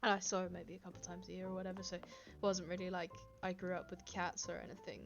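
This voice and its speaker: Chatty woman streamer at her desk mic, giggly and relaxed, audio slightly muffled. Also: lowish voice, quick pace, gravelly, soft background music. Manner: chatty, giggly, reads chat aloud. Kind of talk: casual live-stream chat. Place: home, indoors. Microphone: desk microphone.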